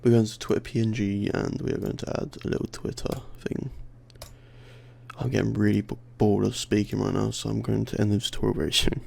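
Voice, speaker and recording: A young man with a slight lisp talks through a screen-recorded tutorial, mumbling and putting himself down as he works it out aloud. His low voice is very gravelly and sounds worn out. Keyboard clicks and typing sit behind him. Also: level tone, fairly quick, a little mellow. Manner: mumbling, self-deprecating, thinking aloud. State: tired, worn voice. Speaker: tutorial host.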